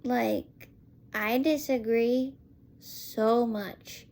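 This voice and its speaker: A woman's voice: fairly high pitch, fairly even intonation, extremely slow, vocal fry, a little mellow. A woman giving a casual spoken film review, rambling and exasperated, filling her talk with "like.". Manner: rambling and exasperated, heavy use of "like".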